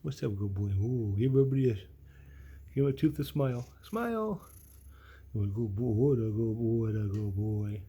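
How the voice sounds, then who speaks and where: A man filming a home vlog, talking softly and fondly to his cats in baby talk, sometimes whispering, in his living room. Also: fairly low pitch, fairly even intonation, brisk, slightly rough. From US Pacific Northwest. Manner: soft baby talk to pets, drops to whispers. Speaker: cat channel host.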